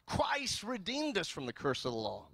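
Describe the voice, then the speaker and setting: A man from California preaching a sermon as pastor, telling jokes and stories in an animated way. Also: sits high, moderate pace, creaky, dry recording. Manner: animated, joking storyteller. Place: church.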